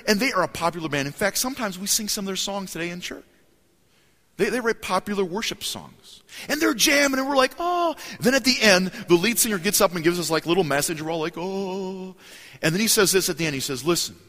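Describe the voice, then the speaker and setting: A man preaching a sermon as a story, animated and acting out voices and cheers in a large church hall. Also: on the high side, a little fast. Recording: hall reverb, live sermon.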